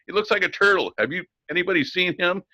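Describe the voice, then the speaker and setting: A man's voice: sits high, fast talker, bright, forceful tone, no echo, lo-fi sound. A man co-hosting a talk show, ranting in an indignant, sarcastic way with frequent restarts. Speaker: co-host. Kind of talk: ranting talk-radio commentary.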